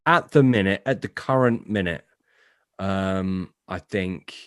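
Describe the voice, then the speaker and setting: A man's voice: low-pitched, slow pace, clean tone, no echo, studio quality. A man hosting a podcast, asking blunt questions in a casual, sweary manner. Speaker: podcast host.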